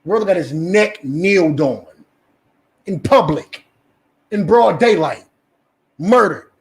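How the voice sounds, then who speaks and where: A man's voice: high voice, lively intonation, slow pace. A man with a New Jersey accent preaching a fiery street sermon, swearing and acting out the voices he quotes.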